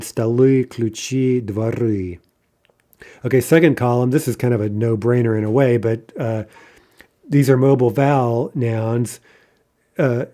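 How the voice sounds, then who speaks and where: A man with a mid-range voice teaches an online language grammar lesson, explaining patterns step by step. He often checks in with "right?" and trails off into quieter asides.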